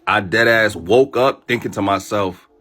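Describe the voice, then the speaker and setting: A man's voice: fairly low pitch, measured pace, soft background music. A man casually telling a story into his phone in profane street slang, acting out what everyone said. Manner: animated, profane street slang, retells a dream with voiced quotes.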